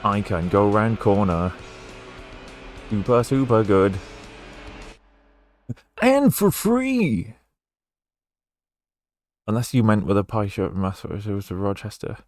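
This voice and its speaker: A man with a softened Welsh accent, chatting casually and rambling while he streams a racing game. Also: on the low side, fairly even intonation, normal speed, dry recording, faint music behind. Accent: Welsh, Newport area, softened toward English. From Wales. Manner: rambling and chatty, with frequent fillers and restarts.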